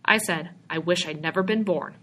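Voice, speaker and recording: A woman's voice: fairly low pitch, expressive, a little fast, bright, forceful tone, full character voice. A woman reading aloud, voicing a weary young male bank clerk who sounds bitter and scoffing, his voice rising.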